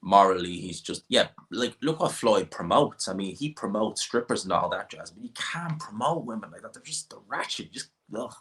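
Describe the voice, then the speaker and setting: Answering viewers' comments on his casual livestream, an Irish host speaks at normal speed with few pauses in a lowish, expressive, fairly bright voice. He rambles opinionatedly and often restarts his sentences.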